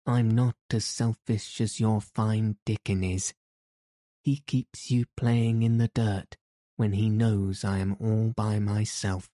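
Man reading a whiny spoiled sick kid, low dark voice, slow. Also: little pitch movement, no echo, clean studio sound. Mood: sulky. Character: sickly spoiled petulant young boy.

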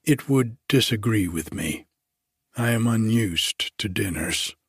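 Withdrawn young clerk, male, quiet and slow, low husky tone, read by a man. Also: no echo, studio quality, heavily acted. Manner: quiet, flat, refusing.

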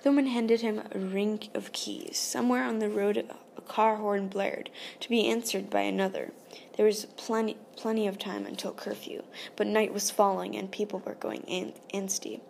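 A woman narrating an audiobook in a soft, hushed, often half-whispered delivery. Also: mid-range voice, fairly even intonation, normal speed, gravelly, hardly any pauses, slight background noise. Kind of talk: scripted narration.

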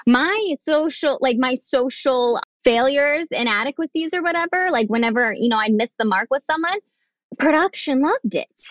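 A woman's voice: high voice, normal speed. A young woman talks candidly as a podcast guest, acting out the voices of people in her stories with a frank, sometimes profane edge. Her voice comes through dull and slightly lo-fi, with a dry, close sound and no room echo. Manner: animated, acts out quoted voices, frank and profane. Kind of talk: candid conversational storytelling.

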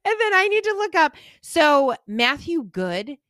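Bright, teasing woman co-host. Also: high voice, sing-song, normal speed, dry recording, studio quality. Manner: teasing, laughs often. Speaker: podcast co-host. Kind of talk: casual chat.

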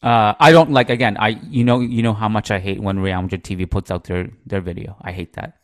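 A man hosting a podcast, speaking with a fairly low voice that sounds close and dry. He talks at length in a loose, rambling way, leaning on "like" and "you know" as he thinks aloud. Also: fairly even intonation, a little fast, no room sound. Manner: talkative, rambling, heavy use of "like" and "you know". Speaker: podcast host. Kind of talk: casual chat.

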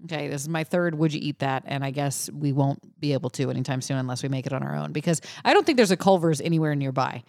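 Low-voiced woman podcast co-host. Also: fast talker, hardly any pauses, a little mellow, dry recording, clean studio sound. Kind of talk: casual chat, reading a news segment.

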